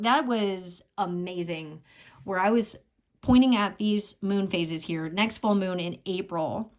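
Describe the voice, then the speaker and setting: Chatty woman giving a tarot reading. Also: medium pitch. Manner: thinks aloud, chatty, exclaims over the cards. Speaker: tarot reader. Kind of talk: casual collective tarot reading.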